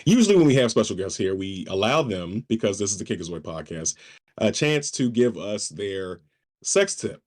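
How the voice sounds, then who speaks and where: A man with a very deep voice hosts a podcast. He talks in a relaxed, unhurried way and stretches out his announcements. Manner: laid-back, drawn-out announcing. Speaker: podcast host. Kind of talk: casual chat.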